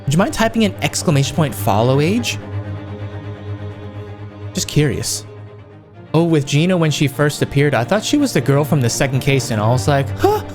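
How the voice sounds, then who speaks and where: A man streaming a game, chatting casually and warmly to viewers, calling them dude and man. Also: on the high side, big pitch swings, moderate pace, long pauses. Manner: laid-back, friendly, calls viewers dude and man. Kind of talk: casual chat with live chat viewers. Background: game music.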